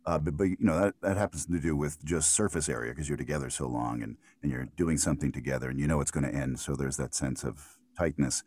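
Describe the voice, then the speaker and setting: Very deep-voiced American voiceover man. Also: fast talker, hardly any pauses, darkish tone. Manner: thoughtful, rambling answers with frequent restarts and fillers. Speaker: voiceover artist guest. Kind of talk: relaxed conversational interview.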